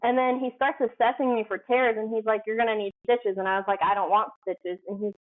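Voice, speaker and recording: A woman's voice: a little high, fairly even intonation, a little fast. A woman guest telling her story casually, full of "like" and acted-out quotes. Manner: chatty, heavy use of "like", acts out quoted dialogue. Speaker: podcast guest. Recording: phone-like narrow band.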